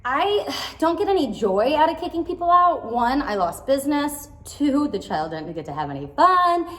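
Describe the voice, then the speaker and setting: Woman in her thirties, high lively voice, chatty storyteller, roomy echo. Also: moderate pace. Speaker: playroom business owner. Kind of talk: storytime vlog. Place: indoor playroom, at her desk. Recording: echoey indoor room.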